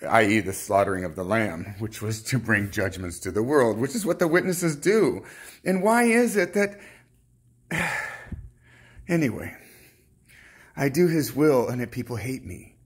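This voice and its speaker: Posing as a self-styled prophet, a man delivers a rambling religious monologue that is fervent and halting, with many restarts. His husky voice is medium-pitched and animated.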